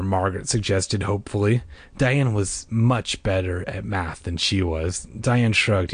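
A man reading a story aloud in an expressive way, breaking in with deadpan comic asides. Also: fairly low pitch, normal speed, husky, dry recording. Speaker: narrator.

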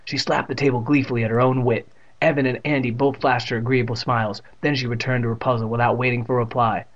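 A man's voice: medium pitch, level tone, fast, highs cut off. A man reading a storybook aloud in a casual manner, adding offhand asides. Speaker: reader. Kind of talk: storybook narration.

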